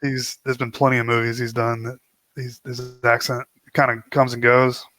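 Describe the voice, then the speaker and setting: A man's voice: medium pitch, little pitch movement, moderate pace, pushed and bright. A man co-hosting a movie podcast, laid-back, chiming in with short agreeing replies. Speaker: podcast co-host. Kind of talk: casual movie discussion.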